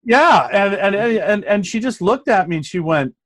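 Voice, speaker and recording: A man in his forties with a slightly high voice tells his story with earnest feeling. He acts out old conversations as he goes, and the recording is dry and close. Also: expressive, normal speed, a bit bright, dry recording. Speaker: abundance coach, guest. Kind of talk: conversational podcast interview.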